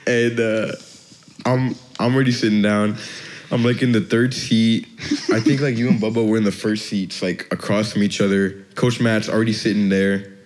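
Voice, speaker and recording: A man's voice: fairly low pitch, steady tone, normal speed. A young man casually telling a story to friends, laid-back, cursing often and laughing as he goes. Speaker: podcast storyteller.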